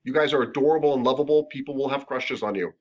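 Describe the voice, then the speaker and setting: Teaching a massage therapy class, a fast-talking man with a medium-pitched voice gives a casual, joking, conversational lecture. The recording sounds dull and lo-fi.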